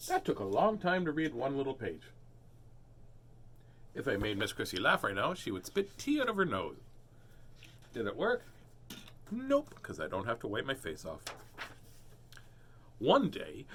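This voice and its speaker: A man's voice: mid-range voice, sing-song, moderate pace, fairly bright tone. A man reading a children's picture book aloud, breaking off for playful jokes and asides. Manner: playful, joking asides, voices characters. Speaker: storybook reader.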